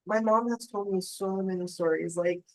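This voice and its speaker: Animated, laughing woman telling stories. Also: medium pitch, moderate pace, rough recording. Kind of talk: casual podcast chat.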